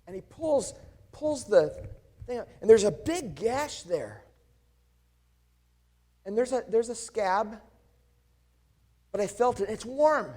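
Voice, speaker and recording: A man's voice: high-pitched, expressive, slow pace, long pauses, dark tone, full character voice. A man playing the disciple Thomas speaks in his own slightly raised voice, earnest and impassioned. He tells it in first person as a dramatic sermon monologue. He searches and presses his listeners with direct questions. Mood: awed. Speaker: pastor.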